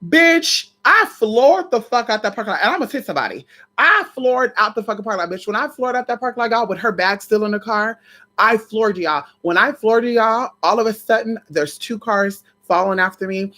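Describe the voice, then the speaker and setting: A woman vlogger casually telling a personal story to her viewers, animated and full of swearing, often calling them "y'all". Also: a little high, brisk.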